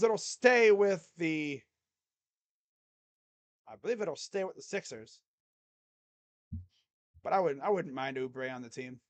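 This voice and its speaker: High-voiced man calling a game live. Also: takes it slowly, pauses often. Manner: swings between loud excited calls and low muttered grumbling; casual, rambling fan talk. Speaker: sports YouTuber doing live play-by-play. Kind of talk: live game reaction commentary.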